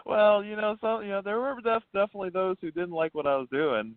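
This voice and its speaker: A man's voice: fairly quick, no echo. A man from Florida, born in New Hampshire, telling history and ghost stories as an interview guest, laughing often. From born New Hampshire, raised in Florida. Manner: animated storyteller, laughs often, swoops in pitch. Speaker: guest, paranormal investigator and ghost tour founder. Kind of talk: casual phone interview. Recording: dry tinny phone line.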